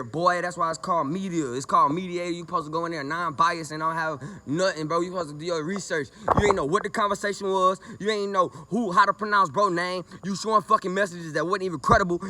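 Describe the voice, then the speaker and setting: Angry high-voiced man ranting. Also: bright, forceful tone, slight background noise. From Lake Charles, Louisiana, US. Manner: confrontational, profane, repetitive. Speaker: vlogger. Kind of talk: heated rant to camera.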